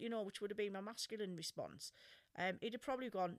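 A woman's voice: a little high, sing-song, brisk, a bit bright. English woman, middle-aged, casual advice talk, frank, chatty, swears now and then, ums and you-knows. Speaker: self-help speaker.

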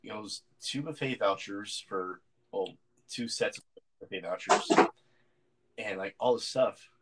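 Rambling, low-voiced man telling a story. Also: measured pace, a bit bright, a little hiss or hum, rough recording. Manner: rambling storyteller, many fillers and restarts. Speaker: podcast co-host. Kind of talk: casual chat.

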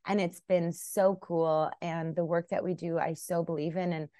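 A woman's voice: on the low side, level tone, normal speed, warm tone, dry recording, clean studio sound. A woman in her thirties from Canada, a podcast guest talking casually and bluntly, jumping into raised voices to act out her own thoughts. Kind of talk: casual interview chat.

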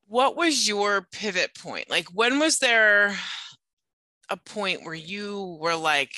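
A woman hosting a podcast, asking her guest questions in a gentle, encouraging way. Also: medium pitch, expressive, slow, dry recording. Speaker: podcast host. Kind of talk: interview questions.

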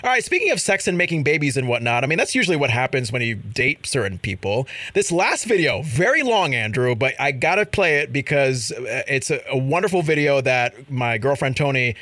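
A man hosting a casual chat show about viral videos, animated and laughing as he acts out quotes. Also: mid-range voice, brisk, few pauses, no room sound. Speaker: show host.

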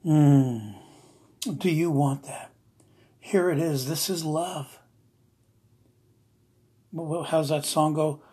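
A man preaching an emotional sermon, earnest and repetitive, slowing down to stress his words. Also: a little high, fairly even intonation, a little mellow, slightly rough. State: emotional, near tears.

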